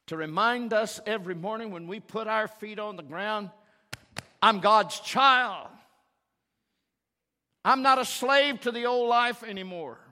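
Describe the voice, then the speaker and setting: A man preaching a sermon as pastor, slow and emphatic, building to loud calls for the congregation to repeat after him. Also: very high-pitched. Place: church sanctuary. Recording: reverberant church hall, faint guitar behind.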